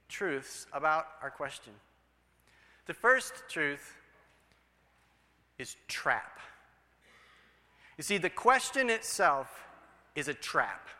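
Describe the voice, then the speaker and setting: A male pastor delivering a sermon, telling stories and acting out the people in them. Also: high voice. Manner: storytelling with animated voices for quoted people. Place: church sanctuary. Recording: reverberant sanctuary.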